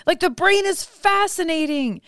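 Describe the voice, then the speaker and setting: A woman's voice: extremely high pitch, expressive, moderate pace, fairly bright tone, no echo, studio quality. A woman co-hosting a podcast in casual chat, with a curious, chatty manner. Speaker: podcast co-host.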